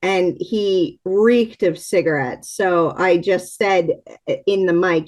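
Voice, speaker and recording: A woman hosting a casual interview, asking her questions in a hesitant, halting way. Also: fairly low pitch, a little mellow. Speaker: podcast host.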